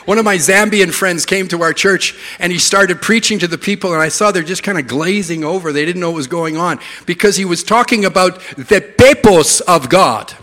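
A man's voice: high-pitched, brisk, hardly any pauses, big-room sound. A middle-aged Canadian man preaching a sermon in a church, telling funny stories. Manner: humorous storytelling, lively. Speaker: pastor.

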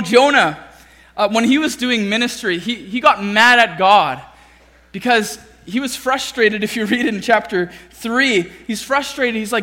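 Bright-voiced pastor preaching in a hall. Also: male voice, sits high. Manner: conversational, with many restarts and tag questions. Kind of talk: sermon. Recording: long reverb of a large hall.

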